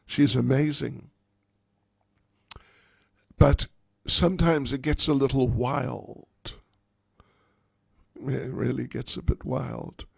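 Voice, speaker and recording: Gravelly, slow-paced male storyteller. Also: mid-range voice, no room sound, studio quality. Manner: animated storyteller with wry humor. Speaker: spiritual teacher. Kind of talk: storytelling class.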